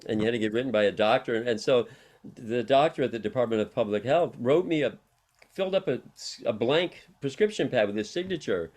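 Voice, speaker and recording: A man's voice: medium pitch, brisk, a little mellow. Middle-aged man telling rambling stories. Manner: rambling, anecdotal, laughs often. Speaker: interview guest, harm reduction worker. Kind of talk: casual storytelling interview.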